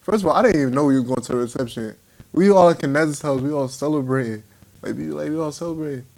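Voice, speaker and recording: Quick-paced and creaky, with a fairly high pitch, a young man animatedly shares a funny story with friends. He laughs a lot and does the voices of the other people involved.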